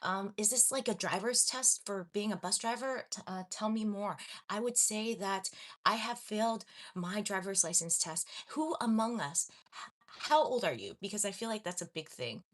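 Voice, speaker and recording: A woman's voice: mid-range voice, lively intonation, moderate pace. A young adult woman from Los Angeles chatting casually on a livestream, reading viewer comments and laughing at herself often. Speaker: livestream host.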